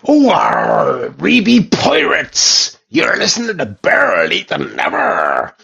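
A male caller voicing a boisterous shouting pirate with a Northern Irish accent, recorded on a muffled, distant line. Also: fairly high pitch, huge pitch swings, slow, creaky, slightly rough, full character voice.

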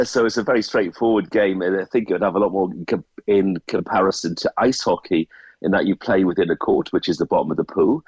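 A man's voice: low-pitched, a little mellow, husky, dry recording, highs cut off. A man with a Welsh accent, a radio guest chatting casually and explaining things, sometimes repeating words. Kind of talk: casual radio phone chat.

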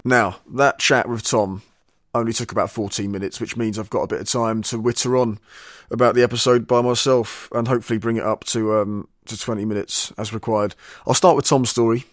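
A man's voice: fairly low pitch, fairly even intonation, fairly quick, studio quality. A man hosting a podcast, chatting casually and wrapping up the episode alone. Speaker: podcast host. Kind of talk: casual chat and solo outro. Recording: roomy echo.

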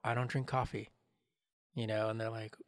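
A man's voice: fairly low pitch, flat delivery, normal speed, dry recording, studio quality. A man co-hosting a podcast in casual chat, rambling and joking, acting out what others said. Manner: rambling, joking, acts out quoted voices. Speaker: podcast co-host.

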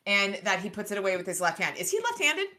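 A woman's voice: mid-range voice, wildly swooping pitch, fast, bright, forceful tone. A woman co-hosting a book podcast, chatting casually and reading passages aloud from the novel.

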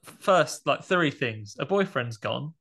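A man co-hosting a podcast, joking his way through a horror film with quick, playful remarks. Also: mid-range voice, expressive, fairly bright tone. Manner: jokey, slips into silly put-on voices. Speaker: podcast co-host. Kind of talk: casual film discussion.

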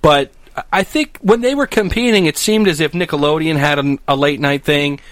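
A man's voice: fairly high pitch, normal speed, fairly bright tone, no echo. A young man chatting casually as co-host, rambling with restarts while recalling old shows. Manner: rambling, restarts, looks things up. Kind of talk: casual chat.

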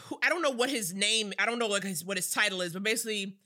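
A woman's voice: mid-range voice, fast, bright, forceful tone. A woman from the US co-hosting a podcast, chatting sassily with plenty of fillers about a film. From United States. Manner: sassy, hedging, full of fillers. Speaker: podcast co-host. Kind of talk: casual chat recapping a film.

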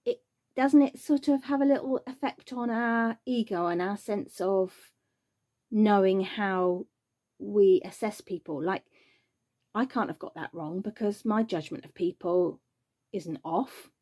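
A woman's voice: medium pitch, animated, normal speed, dark tone. A woman, a mother speaking earnestly and emphatically from her own experience. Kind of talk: personal testimony.

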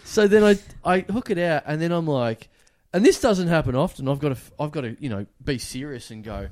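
An Australian man co-hosting a casual comedy podcast, telling stories in an animated way with plenty of swearing. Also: a little high, a little fast, hardly any pauses. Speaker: podcast co-host.

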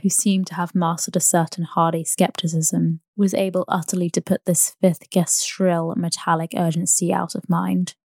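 A woman narrating a classic novel as a bedtime sleep story, in a soft, even, unhurried reading voice. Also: fairly low pitch, dry recording, clean studio sound. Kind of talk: calm scripted book reading.

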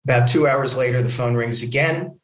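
A man from New Jersey, a guest, telling anecdotes in an animated way and acting out other people's lines. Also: medium pitch, normal speed. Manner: lively storyteller who acts out other people's lines. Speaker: comic book film producer and guest. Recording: echoey room.

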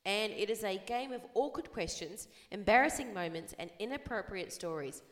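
A woman's voice: mid-range voice, animated, normal speed. A woman co-hosting a podcast in casual chat, bubbly and playful, rambling a little. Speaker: podcast co-host.

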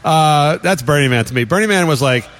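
A man's voice: on the high side, expressive, a little fast, a bit bright. Wry ranting man, often laughing. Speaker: podcast host. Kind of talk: casual chat.

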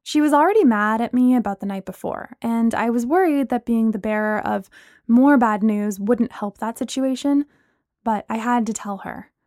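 A woman narrating a first-person story in an even storytelling voice, close to the mic. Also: fairly high pitch, moderate pace, no room sound. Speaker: audiobook narrator.

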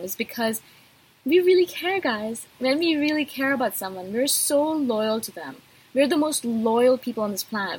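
Intense, husky woman vlogger. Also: on the high side, low-quality recording. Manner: intense, passionate. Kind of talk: direct-to-camera talk.

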